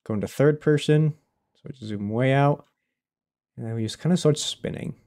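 A man's voice: mid-range voice, moderate pace, mellow. A man streaming a game live, chatting casually, laughing often and answering his chat as he plays.

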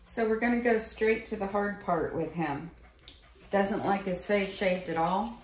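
A woman's voice: medium pitch, a little slow. A woman dog groomer talking casually through a grooming session, switching to coaxing sing-song baby talk with the dog. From United States. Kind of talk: casual instructional narration. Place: grooming salon. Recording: echoey room with clipper noise.

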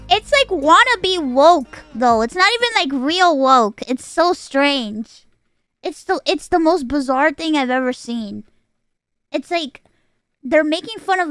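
A woman's voice: high voice, a bit bright, no echo. A woman streamer in a casual livestream rant, exasperated and swearing, firing off incredulous rhetorical questions.

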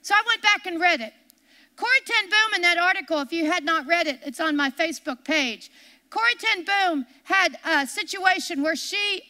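A woman's voice: very high-pitched, bright, forceful tone, in a large hall. A woman co-hosting a television ministry program, earnestly retelling a story in sermon style with frequent restarts. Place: television studio set.

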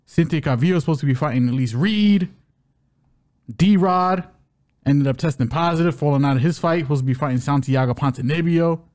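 A man's voice: on the high side, darkish tone. A man co-hosting a podcast, previewing fights in a loose, joking way and stumbling over names. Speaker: co-host of a fight-betting podcast.

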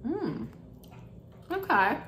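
A woman's voice: sits high, wildly swooping pitch, extremely slow, fairly bright tone, a little hiss or hum. A woman casually unboxing and taste-testing snacks for her vlog, chatty and candid, thinking aloud as she goes. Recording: roomy echo.

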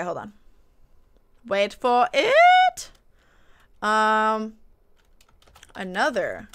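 A woman's voice: medium pitch, fairly bright tone. A woman live-streaming a game, chatting casually and thanking viewers by name, with playful mock indignation.

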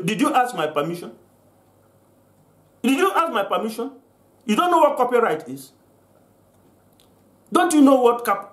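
An older man from Africa delivering an angry vlog rant, accusing and full of repeated restarts. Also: sits high. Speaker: vlogger. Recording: roomy echo.

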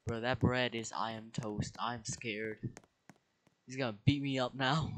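A young man giving casual let's play commentary, excitable, with dramatic outbursts, squeals and slang. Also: medium pitch, a little slow, low-quality recording. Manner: slang-heavy casual talk. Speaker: gaming video creator.

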